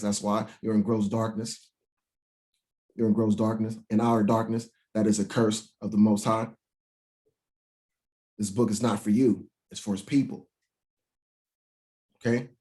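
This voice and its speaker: Profane, fiery man teaching scripture. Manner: reads verses slowly, then rants with crude mockery; swings widely in pitch and loudness. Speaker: Bible teacher.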